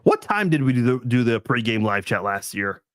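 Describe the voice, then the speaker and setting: A man's voice: mid-range voice, big pitch swings, normal speed, fairly bright tone, no room sound. A man hosting a casual live stream chat, thinking aloud with lots of restarts and fillers.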